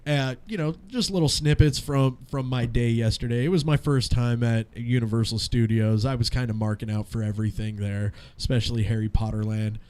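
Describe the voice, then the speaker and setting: With a medium pitch, a slightly fast pace, and hardly any pauses, a man in his thirties co-hosts a casual radio show. He tells animated, profane stories and laughs a lot, in easygoing podcast banter.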